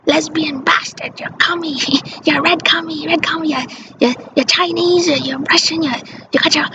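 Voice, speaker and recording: A woman putting on a raging, sneering middle-aged mother figure who hurls accusations in a shrill rant. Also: fairly even intonation, normal speed, close to an everyday voice. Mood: mocking, furious. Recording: muffled lo-fi with clear background noise.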